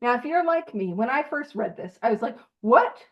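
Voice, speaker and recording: A woman's voice: fairly high pitch, expressive, fairly quick, dull audio. A woman leading a book study group, reading passages aloud and explaining them in a chatty, self-deprecating way, laughing often. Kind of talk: casual teaching and reading aloud.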